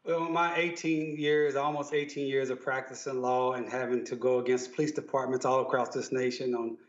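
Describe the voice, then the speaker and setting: A lawyer speaking as a guest on a news talk panel, assured and emphatic. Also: male voice, medium pitch. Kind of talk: news talk show discussion. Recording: echoey, slightly dull remote audio.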